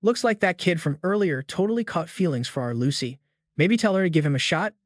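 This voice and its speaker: A man's voice: fairly high pitch, lively intonation, brisk, dry recording, lightly acted. Male reader as a brash uncle who blurts things out, dry sound. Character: blunt older man, quick to shock.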